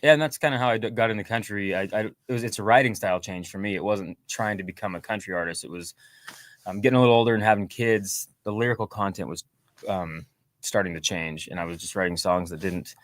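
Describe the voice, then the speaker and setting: A man's voice: lowish voice, fast talker. A man who is a songwriter and singer, a guest on a podcast, talking casually in a rambling, self-deprecating way with many hesitations. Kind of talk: casual interview chat.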